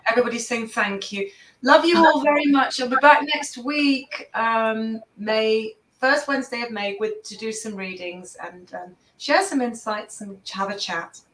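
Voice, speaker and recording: A woman hosting a live online show, gushing and effusive, her voice a little high. The sound is roomy and set back from the mic, with a faint hiss under it on a video call. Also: a little slow, a bit bright, distant mic. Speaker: host. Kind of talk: live-stream chat.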